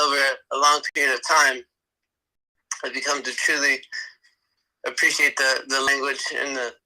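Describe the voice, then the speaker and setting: Entusiastic man with a very bright voice. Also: mid-range voice, poor audio. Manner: enthusiastic, rambling, laughs often. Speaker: voice actor guest. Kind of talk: casual chat.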